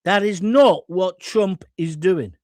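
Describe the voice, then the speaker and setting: A man's voice: high-pitched, slow, no echo. A man hosting a live stream, reading out viewer comments and answering them in a blunt, combative, joking way. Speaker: host.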